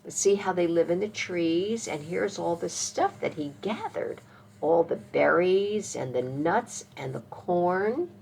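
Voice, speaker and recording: A woman librarian leading a children's story time, reading aloud slowly and gently, coaxing the kids to join in. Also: fairly low pitch, animated, gravelly, a little hiss or hum.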